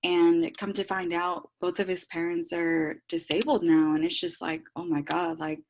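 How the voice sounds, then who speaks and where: A young woman with a Texan accent who talks fast on a group call, warm and heartfelt, full of "like" fillers. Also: fairly low pitch, level tone, slight background noise. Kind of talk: emotional call sharing.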